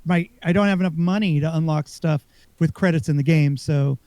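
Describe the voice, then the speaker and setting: A man's voice: a little high, fairly quick, darkish tone, clean tone, no echo. A man co-hosting a podcast, chatting casually and rambling about a video game with lots of fillers and restarts. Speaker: podcast co-host. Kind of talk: casual gaming chat.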